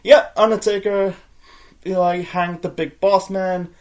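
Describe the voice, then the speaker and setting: A man's voice: sits high, steady tone, measured pace. A man giving a rambling, profane spoken wrestling review, full of fillers and restarts.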